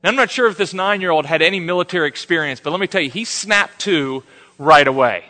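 A male preacher tells stories in a sermon, acting out each quote with animation. His voice sits fairly high and rings forceful and bright. A long reverb from a large hall hangs behind him. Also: fast. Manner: animated storyteller, acts out the quotes. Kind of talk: sermon with storytelling.

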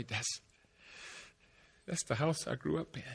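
A middle-aged man giving a speech to an audience, telling a personal story emphatically. His voice drops to a hush, then rises loud. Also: mid-range voice, unhurried, gravelly, breathy edge. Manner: emphatic, swings between hushed and loud. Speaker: motivational speaker.

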